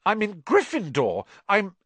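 A man's voice: high voice, wildly swooping pitch, unhurried, fairly bright tone, dry recording, voice pushed up, heavily acted. A man voicing an anxious, earnest young boy wizard who speaks up in a raised, pleading voice in a storybook reading.

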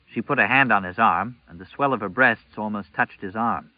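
A man narrating a novel as an audiobook, in a measured, even storytelling manner. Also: on the low side, no room sound, lo-fi sound.

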